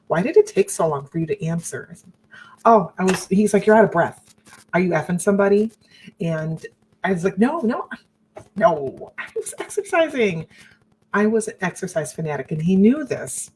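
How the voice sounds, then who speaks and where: A woman's voice: low-pitched, darkish tone, a little hiss or hum, rough recording. A woman candidly telling her personal story on a broadcast, earnest and direct, often restarting her sentences. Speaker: survivor sharing her story.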